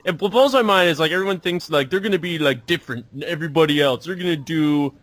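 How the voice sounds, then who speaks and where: A man's voice: fairly high pitch, quick pace, a bit bright, no echo. A young man co-hosting a casual online talk show, ranting bluntly and with profanity over glitchy, robotic-sounding voice chat audio. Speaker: podcast co-host.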